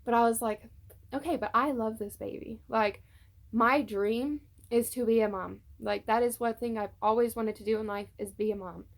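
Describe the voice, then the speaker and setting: A woman's voice: fairly high pitch, steady tone, moderate pace, creaky. A young woman chatting casually to her phone camera at home, telling a personal story with many fillers. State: tearful at times. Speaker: vlogger. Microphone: phone on a tripod.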